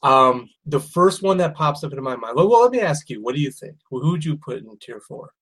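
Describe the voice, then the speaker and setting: A man co-hosting a casual chat, animated and opinionated, rambling through asides. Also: medium pitch, fairly quick, breathy edge. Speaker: podcast co-host. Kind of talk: casual chat about movies.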